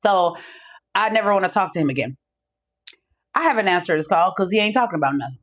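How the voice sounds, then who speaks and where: A woman's voice: fairly low pitch, lively intonation, fast, a bit bright. A middle-aged woman hosting a podcast, telling stories in a casual, profane style, acting out the other people's voices, from a room at home. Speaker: podcast host. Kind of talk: casual storytelling monologue.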